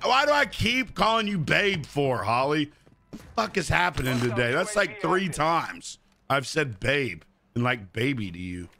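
A man's voice: sing-song, unhurried, creaky, crowd noise. Crude joking male game streamer. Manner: crude, joking, breaks into loud high-pitched bits. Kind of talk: casual live-stream banter.

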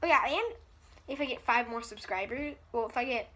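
A woman's voice: fairly high pitch, animated, a little fast, a bit bright, slight background noise. A woman chatting casually in a vlog, rambling, giggly and self-deprecating. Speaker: vlogger.

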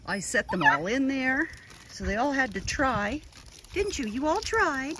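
A woman's voice: high voice, expressive, a little slow. A woman dog breeder outdoors at her kennel, cooing baby talk to her puppies in between telling viewers about them. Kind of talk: casual outdoor video with puppies. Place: outdoors at a kennel on a hot day. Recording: loud background noise outdoors.

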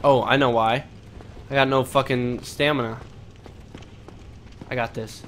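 A young man giving let's play commentary, excitable and panicky, swearing and trash-talking the enemies as he plays. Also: mid-range voice, measured pace, pauses often, a little hiss or hum. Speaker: gaming commentator.

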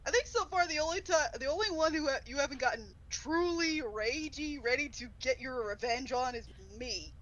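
A woman's voice: high-pitched, normal speed, hardly any pauses, a bit bright, highs cut off. A woman in a casual stream chat, giggly and easily amused.

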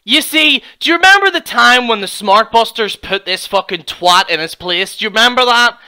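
A man's voice: extremely high pitch, expressive, moderate pace, sharp tone, smooth. A man giving heated, mocking reaction commentary, swearing constantly as a YouTube commentator.

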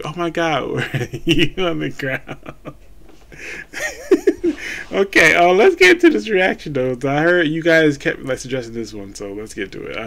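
A young man hosting a reaction video, relaxed and chatty, laughing easily. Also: mid-range voice. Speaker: reaction channel host. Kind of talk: casual reaction vlog.

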